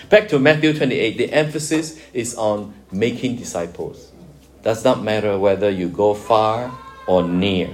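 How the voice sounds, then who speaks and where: A man's voice: fairly low pitch, darkish tone. A man preaching a sermon, explaining scripture with everyday examples and lifting his voice for emphasis. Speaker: pastor.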